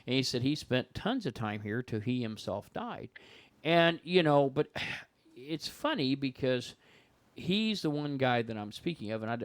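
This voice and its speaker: An animated man telling stories on a podcast as a guest investigator, jumping into the voices of the people he quotes. His pitch sits in an ordinary middle range. The sound is dry and close, with little room around it. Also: no room sound. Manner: animated storyteller who acts out quoted voices. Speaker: guest paranormal investigator and author. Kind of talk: casual storytelling chat.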